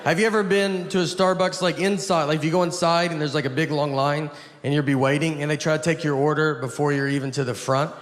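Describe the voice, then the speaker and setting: A man, telling stand-up stories in a halting, deadpan way. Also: a little high, a little hiss or hum. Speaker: stand-up comedian. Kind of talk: stand-up routine. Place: comedy stage with audience. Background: audience laughter.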